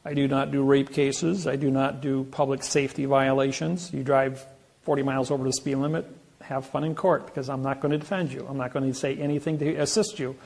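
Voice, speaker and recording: A man's voice: mid-range voice, little pitch movement, a little fast, gravelly, darkish tone. A man talking casually and boastfully about his legal exploits, rambling with frequent restarts. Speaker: self-styled legal advocate. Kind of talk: casual storytelling talk.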